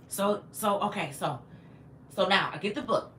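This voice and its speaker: A woman's voice: mid-range voice, normal speed, a bit bright, slight background noise. A woman in her fifties telling a long personal story on a livestream, chatty and digressive, stopping to answer viewer comments. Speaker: livestream host.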